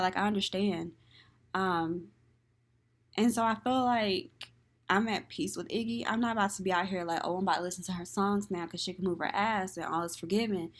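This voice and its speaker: A woman hosting a solo podcast, talking candidly with lots of "like" and "um" and airing strong opinions. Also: lowish voice. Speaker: podcast host. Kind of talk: casual solo podcast commentary.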